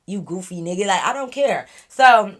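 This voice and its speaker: Young woman vlogger, casual storytime delivery, blunt and animated, mid-range voice. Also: mid-range voice, moderate pace. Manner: animated, blunt, profane, acts out quoted friends.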